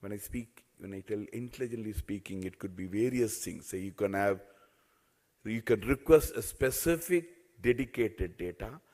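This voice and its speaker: A man's voice: on the low side, normal speed, a little mellow. A man, speaking as a telecom executive in a panel talk, earnest and often repeating or restarting his phrases.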